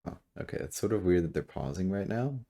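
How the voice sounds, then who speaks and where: A man commentating his own game at his computer, thinking out loud, correcting himself and trailing off with fillers, seated a little back from a desk mic. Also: low-pitched, very animated. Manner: musing, self-correcting, halting with fillers. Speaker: gameplay commentator. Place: room at a computer. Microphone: desk mic, sitting back from it.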